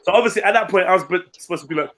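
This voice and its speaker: A man's voice: high voice, very fast, a bit bright. A man, telling a story in casual, blunt, slangy podcast chat. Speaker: podcast co-host.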